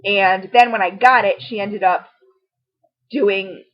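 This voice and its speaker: A middle-aged woman gushes through a casual review, chatty and full of little asides. Her voice sits at an ordinary pitch for a woman. The home-video sound is dull and lo-fi. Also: steady tone, takes it slowly. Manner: gushing and chatty, many fillers and asides. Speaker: beauty and home product vlogger. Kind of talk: casual product review to camera.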